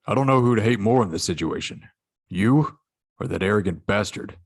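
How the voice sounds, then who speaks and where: A man's voice: lowish voice, lively intonation, fairly quick, no room sound, studio quality. A man reading a weary stern starship captain.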